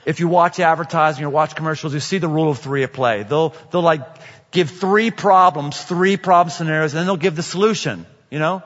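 A male pastor with a bright, fairly high voice, preaching in a relaxed, storytelling way and circling back on his key phrases. The sound is dull and lo-fi, with a long echo from a large hall. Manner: conversational storytelling with repeated phrases. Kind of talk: sermon.

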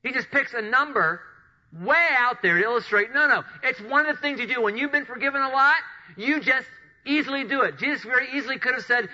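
A man preaching with a high, very bright and forceful voice. He retells scripture as lively storytelling, slipping into the voices of the people in it. The recording sounds dull and lo-fi. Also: a little fast. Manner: animated storytelling, acting out Bible characters. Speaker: pastor. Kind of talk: sermon.

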